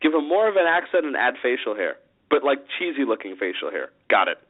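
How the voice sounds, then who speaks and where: A man co-hosting a casual radio podcast, joking and animated as he talks. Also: mid-range voice, fast. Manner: animated, jokey, fond of mimicking lines. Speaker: podcast co-host. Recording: tinny phone-line sound.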